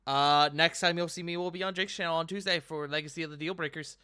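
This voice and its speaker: A man's voice: fairly high pitch, steady tone, fast, bright, forceful tone, clear, resonant tone, no room sound. A man hosting and running a tabletop game, giving joking, upbeat sign-offs at the end of a stream. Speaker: game master and host. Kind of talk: casual stream outro.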